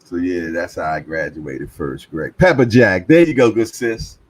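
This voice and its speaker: With a deep voice and a measured pace, the host of a livestream casually reads viewer comments out loud, keeping his manner easygoing and full of slang.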